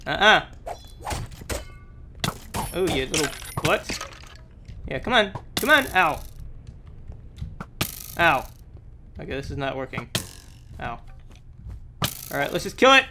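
Excitable young man, lively high voice. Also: takes it slowly, long pauses, noisy background. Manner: excitable, exclamatory, talks to the game. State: slightly sick, sore throat. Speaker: gameplay commentator. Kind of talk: let's play commentary.

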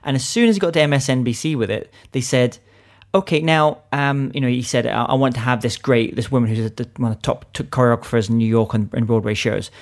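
A man's voice: medium pitch, fast. A man hosting a podcast interview, talking in a casual, conversational way with frequent restarts. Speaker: podcast host.

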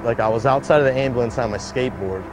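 A man's voice: medium pitch, quick pace, noisy background. A man in a casual interview, telling his own story in a rambling way, full of fillers and acted-out quotes. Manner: rambling, filler-heavy, acts out quoted voices. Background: background music.

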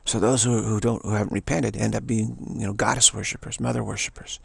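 A man giving a rambling spiritual talk, digressive and halting, restarting his sentences often. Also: lowish voice, little pitch movement, vocal fry, breathy edge, no room sound. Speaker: spiritual teacher. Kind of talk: rambling spoken monologue.

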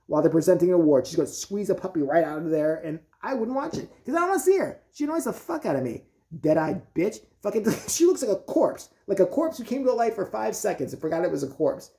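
A man's voice: a little high, warm tone. A man delivering an angry, profane, sarcastic rant as a vlogger. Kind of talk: angry ranting commentary.

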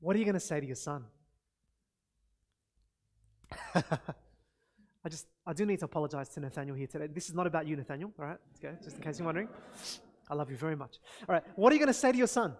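A man's voice: a little high, animated, fast talker, long pauses. A man preaching a sermon as pastor, earnest and exclaiming praise as he addresses the congregation directly.

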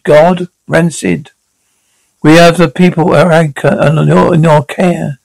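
Gravelly man reading out a drama. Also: on the high side, little pitch movement, a little slow, darkish tone, rough recording. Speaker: reader voicing a TV drama episode. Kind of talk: reading a drama script aloud with sound cues.

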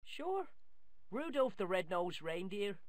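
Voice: mid-range voice, big pitch swings, takes it slowly, no room sound. An actor voicing a cheeky, mouthy young Irish boy in a video game, with an Irish accent and a brash, boastful way of talking. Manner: brash, boastful, tall-tale telling.

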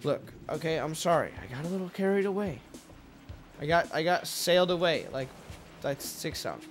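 Excitable young man commentating gameplay. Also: fairly high pitch, normal speed, faint music behind. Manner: excitable, jokey, swears and yelps at the game. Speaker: let's play host.

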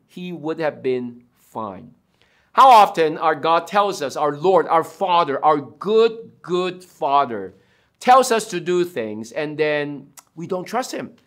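High-voiced pastor preaching. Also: male voice, a bit bright. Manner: emphatic, with dramatic storytelling. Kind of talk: sermon.

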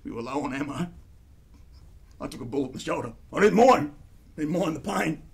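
A man improvising a crude, rambling Australian survivalist and war veteran for a comedy sketch. He speaks in a high, gravelly, husky voice. His long anecdotes wander and are full of slang. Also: animated, brisk, exaggerated voice. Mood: mock-solemn war story.

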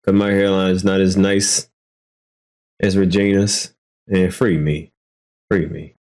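A man hosting a live stream, answering insults with sarcastic jokes and calm talk. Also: low-pitched, unhurried. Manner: sarcastic, joking back. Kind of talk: casual live-stream commentary.

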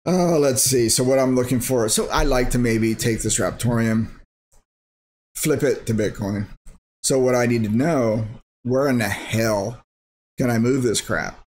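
A man's voice: medium pitch, a little mellow. A man hosting a crypto mining channel, thinking aloud in a rambling, sarcastic way while clicking through his screen. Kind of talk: casual screen-share commentary.

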